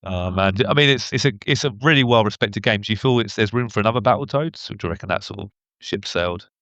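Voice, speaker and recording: A man hosting a podcast interview, asking relaxed questions and offering brief replies. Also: fairly low pitch, fast talker, no room sound. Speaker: podcast host. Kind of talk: casual interview. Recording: dull, slightly muffled mic.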